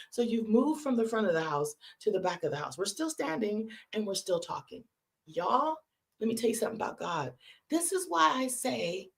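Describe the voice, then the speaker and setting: A woman's voice: mid-range voice, creaky. A woman from California hosting a late-night live stream, telling a story in a conversational way and calling her listeners "y'all". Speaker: host.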